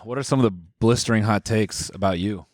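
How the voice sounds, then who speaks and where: A man co-hosting a podcast in casual banter, teasing his partner with deadpan jokes. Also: lowish voice, a little fast, no room sound, clean studio sound. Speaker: podcast co-host.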